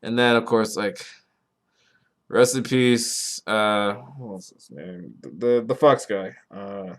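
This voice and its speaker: A young man hosting a podcast, rambling casually and swearing a lot, with his voice jumping up when he gets excited. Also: takes it slowly. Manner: rambling, profane, excitable, pitch jumps when worked up. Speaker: podcast host. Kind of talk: casual solo chat about anime.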